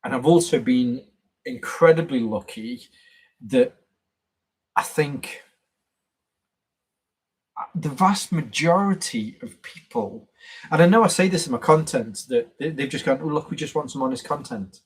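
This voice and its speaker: A man's voice: mid-range voice, expressive, a little slow, long pauses, husky, rough recording. A man hosting a casual live stream, rambling and chatty with plenty of fillers and self-corrections. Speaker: YouTube channel host on a live stream.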